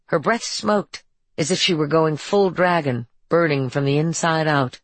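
Woman audiobook narrator, steady, even read, husky low voice, dry booth sound. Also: unhurried, dry recording, rough recording. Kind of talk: scripted narration.

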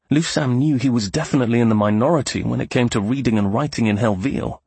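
Man, audiobook narrator, measured, husky, dry close recording. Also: medium pitch, no echo. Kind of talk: scripted fantasy narration.

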